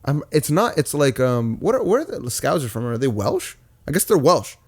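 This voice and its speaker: A man's voice: mid-range voice, sing-song, moderate pace, dry recording, studio quality. A young man co-hosting a podcast in casual, profane, joking chat. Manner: profane, joking, breaks into mock British accents. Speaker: podcast co-host.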